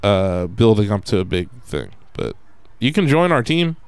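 A man with a lower voice and a lively, swinging delivery hosts a casual podcast. His voice is smooth and clear, recorded close and dry. He talks in an animated way and swears freely when frustrated. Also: moderate pace, no echo. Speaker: podcast host.

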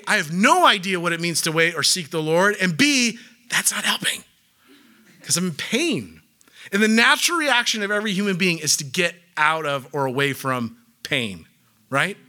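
A man's voice: sits high, pushed and bright. A man preaching a sermon in a conversational, playful way, often acting out little voices. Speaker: pastor.

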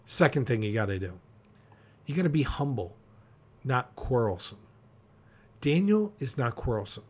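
A man's voice: mid-range voice, sing-song, moderate pace, darkish tone, breathy edge. Emphatic man preaching a practical sermon. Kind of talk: podcast sermon.

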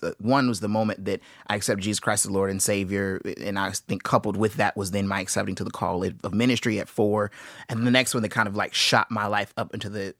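A young man in his twenties hosting a podcast, telling stories in a casual, animated and enthusiastic way with playful asides. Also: fairly low pitch, no room sound, studio quality. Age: 20s. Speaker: podcast host. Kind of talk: casual storytelling monologue.

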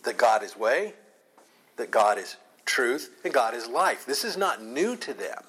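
A man's voice: medium pitch, big pitch swings, measured pace, fairly bright tone, breathy edge, rough recording. A man preaching a Sunday morning sermon, teaching in an earnest way and leaning hard on the scripture he quotes. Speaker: pastor.

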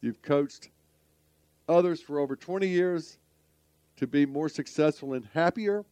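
A man's voice: a little high, measured pace, dark tone, clear, resonant tone, dry recording. A man hosting a radio talk show, folksy and rambling, often stumbling over his words. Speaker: podcast host.

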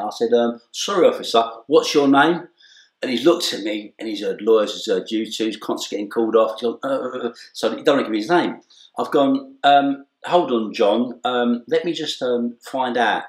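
A middle-aged man telling an anecdote in casual conversation, acting out the dialogue and laughing often. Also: mid-range voice. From England. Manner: animated storyteller, acts out dialogue, laughs often. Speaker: interview guest. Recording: echoey room.

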